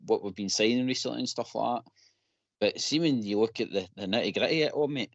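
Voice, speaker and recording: A Scottish man on a football fan phone-in speaks in broad local dialect and slides easily into impassioned rants. His voice sits at a middle pitch. The audio is dry and dull, with a lo-fi feel. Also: dry recording. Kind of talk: casual chat.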